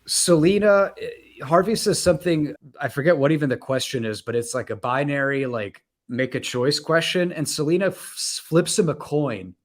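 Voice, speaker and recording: A man's voice: on the high side, expressive, moderate pace. Podcast guy recapping a comic issue, lots of uhs and likes, easygoing. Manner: talks through plot recaps with many fillers. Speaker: podcast co-host. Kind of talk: casual comic book discussion.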